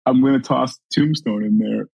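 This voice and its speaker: A man's voice: mid-range voice, moderate pace, gravelly, darkish tone, breathy edge. A man, a guest on a podcast, chatting in an easygoing way and laughing along. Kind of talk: casual interview chat.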